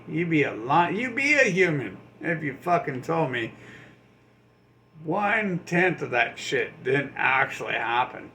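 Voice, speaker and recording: A man on a rambling, mocking rant, swearing freely. His voice sits a bit high, and a faint hiss of background noise runs under the recording. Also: sing-song, a little slow, sharp tone. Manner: sarcastic, mocking, puts on voices of others; profane, rambling. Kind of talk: ranting monologue.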